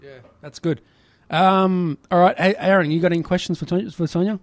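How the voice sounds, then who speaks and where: A man's voice: high-pitched, fairly even intonation, moderate pace, no echo. A man hosting a casual tech podcast, eager and prone to repeating himself. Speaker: podcast host.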